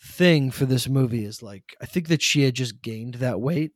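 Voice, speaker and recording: A man's voice: medium pitch, moderate pace, dry recording, studio quality. A man talking casually about a movie as a podcast co-host, enthusiastic and rambling, with lots of fillers.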